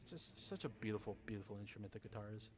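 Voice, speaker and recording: A man's voice: on the low side, expressive, racing, background noise. A young man chatting casually with viewers on a gaming livestream, rambling, swearing a lot and laughing often.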